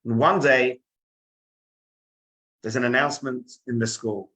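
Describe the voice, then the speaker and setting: A man, a rabbi, telling a story in a dramatic, animated way, acting out the scenes. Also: mid-range voice, a little slow, rough recording. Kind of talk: storytelling sermon.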